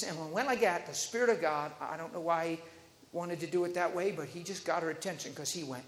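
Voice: medium pitch, fairly quick, echoey room, in a large hall. A preacher telling a healing testimony in a storytelling sermon, acting out the people in the story. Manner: animated storytelling that acts out the people quoted.

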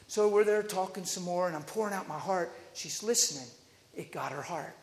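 A man's voice: high-pitched, brisk. A man preaching, telling a story with laughter and acted-out voices, in a church hall. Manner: animated, laughing, acting out voices. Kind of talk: sermon storytelling.

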